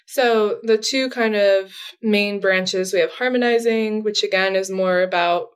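A woman's voice: medium pitch, a little slow, smooth. A woman speaking as a therapist guest in a casual interview, explaining things in a chatty way with frequent fillers and light laughs.

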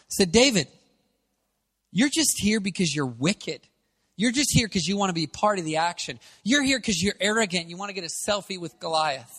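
A man preaching a sermon, moving from casual, conversational asides to loud, shouting exhortation. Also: sits high. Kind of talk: energetic sermon. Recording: long hall reverb.

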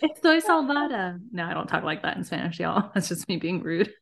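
A young woman co-hosting a podcast in casual chat, playful and teasing, quick to laugh. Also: lowish voice, fairly even intonation, creaky, breathy edge. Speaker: podcast co-host.

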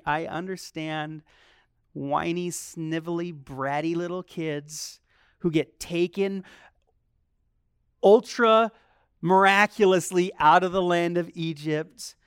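Preacher, sermon, lively rhetorical questions, resonant clear voice. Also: mid-range voice, no room sound, clean studio sound. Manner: acts out quoted complaints in a softer voice.

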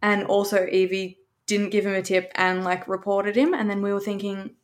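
A young Australian woman tells a long story, looping back and piling up asides as she goes. Her pitch sits in an ordinary middle range. She swears casually and keeps the tone loose and chatty. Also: fairly even intonation, moderate pace. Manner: rambling, chatty, sprinkled with swearing.

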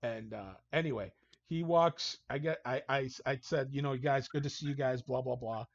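A man's voice: medium pitch, moderate pace, gravelly, no room sound. A man, a hockey coach guest, telling casual anecdotes and acting out what people said. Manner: animated storyteller, acts out quotes. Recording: dull, dry lo-fi sound.

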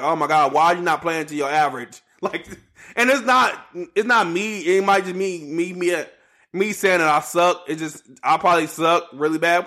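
A man with hosting a casual solo sports podcast, rambling and animated, repeating himself in slangy talk. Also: on the high side. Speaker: podcast host.

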